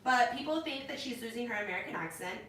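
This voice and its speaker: Animated young woman, echoey room. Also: on the high side, quick pace. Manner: animated, opinionated, heavy use of "like". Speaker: co-host. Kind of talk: casual entertainment news chat. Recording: echoey room, mic at a distance, faint noise.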